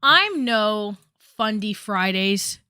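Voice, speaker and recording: A woman's voice: medium pitch, animated, extremely slow, sharp tone, slight background noise. A young woman chatting casually on a commentary stream, rambling with many fillers and asides.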